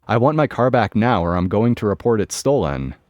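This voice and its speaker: A man's voice: on the low side, very animated, fairly quick, darkish tone, dry recording, dull audio. A man reading the lines of a twenty-two-year-old woman standing firm against her mother, in an exasperated way.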